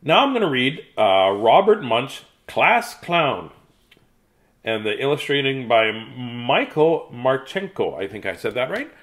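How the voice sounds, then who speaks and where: A man's voice: mid-range voice, fairly bright tone. A middle-aged man casually reading children's books aloud, with jokey asides between pages. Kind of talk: casual read-aloud to a live chat.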